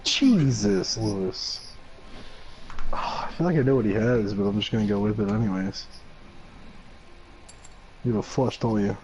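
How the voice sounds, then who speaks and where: A man's voice: lowish voice, moderate pace, long pauses, a little mellow, a little hiss or hum, low-quality recording. A young man chatting casually with a friend while playing poker in a video game, rambling with lots of fillers and laughing often. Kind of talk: casual chat while gaming.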